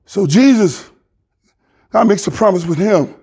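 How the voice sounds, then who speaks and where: A man in his sixties with a Southern US accent preaches with a fairly high voice. He jokes and calls out to the congregation, mixing scripture with folksy asides. His delivery swings between slow, weighty lines and quick banter. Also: husky. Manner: animated, jokey, talks to congregation. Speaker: pastor. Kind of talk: sermon.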